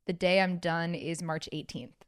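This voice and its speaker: Lively young woman co-host. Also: lowish voice, clear, resonant tone. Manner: animated, joking, quick to correct others. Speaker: podcast co-host. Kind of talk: casual podcast chat.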